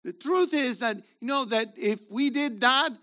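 A middle-aged man preaching a sermon in a loose, conversational way, swinging from loud to quiet. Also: very high-pitched, lively intonation, measured pace. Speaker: pastor.

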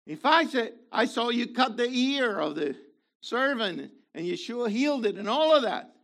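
A man preaching a sermon in an animated way, swinging between loud emphasis and quiet asides, with playful remarks along the way. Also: extremely high pitch, moderate pace, gravelly.

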